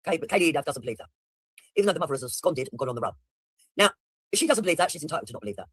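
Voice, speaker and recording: A man's voice: a little high, lively intonation, very fast, fairly bright tone, husky, dry recording, studio quality. A man giving blunt, mocking, profane commentary while reacting to a video.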